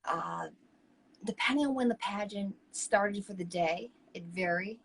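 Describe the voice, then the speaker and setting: A woman co-hosting a talk show, telling stories in a lively, chatty way. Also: mid-range voice, unhurried, a little hiss or hum, rough recording. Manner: animated, chatty, acts out quoted people. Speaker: co-host. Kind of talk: casual chat, personal storytelling.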